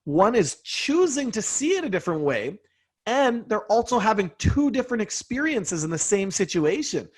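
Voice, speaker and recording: A man's voice: high voice, sing-song, moderate pace, slightly rough. A man talking as a podcast guest, earnest and reflective in casual conversation.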